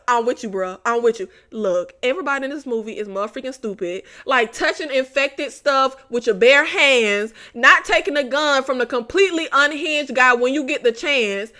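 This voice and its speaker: A young woman hosts a casual horror review vlog, talking straight to her viewers. Her high, bright voice stays animated, and she laughs and swears freely. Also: moderate pace, hardly any pauses.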